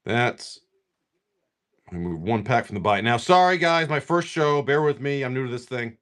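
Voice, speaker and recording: A man's voice: mid-range voice, animated, a bit bright, smooth. A young man casually chatting and joking on a live stream as he opens card packs and reads out the names of the cards. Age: young adult. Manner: jokey, rambling, reads card names aloud in quick lists.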